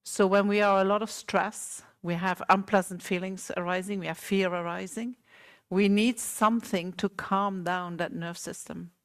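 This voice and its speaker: Woman, dharma talk, gentle, unhurried, questions the audience, meditation hall. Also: mid-range voice, fairly even intonation, clean tone. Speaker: Buddhist teacher. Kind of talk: dharma talk to a small group.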